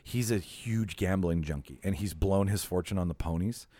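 A man's voice: sits low, moderate pace, warm tone, slight background noise. A man hosting a casual film podcast, rambling through stories and laughing often. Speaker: podcast host.

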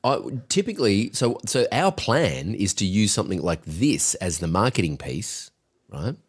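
A man's voice: fairly low pitch, very animated, normal speed, husky. A man co-hosting a business podcast, coaching in an emphatic, directive way. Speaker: podcast co-host, agency coach.

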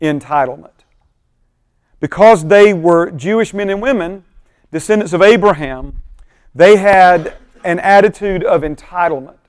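A high-voiced male pastor leads a Bible study class with animated energy, often pausing to ask his listeners if they follow. The sound is close and dry, with no room echo. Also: clear, resonant tone. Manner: animated, keeps checking in with the class.

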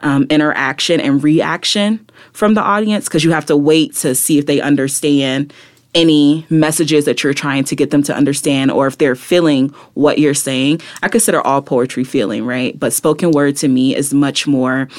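A woman's voice: sits low, fairly even intonation, moderate pace. A woman guest, a poet and activist, talking reflectively in an interview, often tagging her thoughts with "right?" and "like". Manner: reflective, many fillers like "like" and "right?". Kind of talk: conversational interview.

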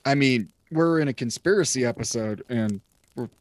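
A podcast host in their thirties who rants with animated energy and drops the odd swear word. The voice sits at a middling pitch, and the recording is dry and close. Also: moderate pace, no room sound. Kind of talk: casual chat.

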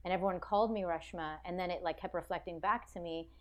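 American woman guesting on a podcast, animated and rambly, lots of likes. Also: lowish voice, quick pace, muffled recording. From United States. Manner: animated, reflective, full of "like" and restarts. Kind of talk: casual interview chat.

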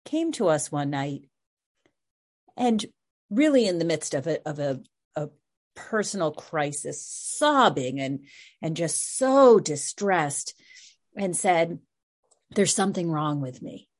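A middle-aged woman speaking earnestly and softly as a guest in a reflective conversation, often restarting her words. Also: low voice, big pitch swings, slow, pauses often. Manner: soft-spoken, earnest, with frequent restarts.

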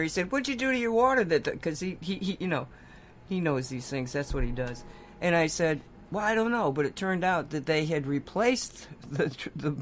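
A woman co-hosting a radio talk show, telling a long anecdote in casual chat and laughing often. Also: low voice. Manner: chatty storytelling, laughs often.

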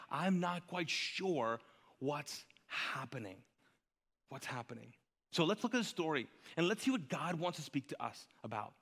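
A male pastor preaches in a high, bright, forceful voice, talking with the congregation and filling his sermon with rhetorical questions and call-and-response prompts. A long reverb trails his words, as though he stands on the stage of a large church auditorium.

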